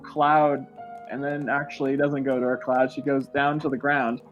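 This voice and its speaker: A man's voice: mid-range voice, little pitch movement, normal speed, muffled recording, faint music behind. A man co-hosting a comedy podcast, telling an absurd story in a loose, rambling way with laughing asides. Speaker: podcast co-host.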